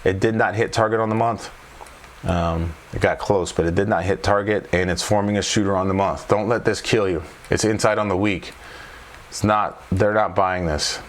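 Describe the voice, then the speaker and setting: A trading coach with a deep voice walks through stock charts unscripted at a moderate pace, with fairly even intonation. He thinks aloud and checks in with viewers after every point, repeating tag questions.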